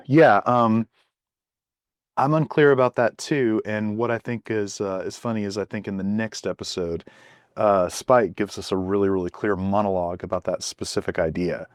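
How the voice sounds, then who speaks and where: A man with a lowish voice co-hosts a casual podcast chat. He stops and restarts often and fills the gaps with "uh" and "um". The sound is dry and close, with no room in it. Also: fairly even intonation, dry recording. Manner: halting, many fillers and restarts. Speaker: podcast co-host.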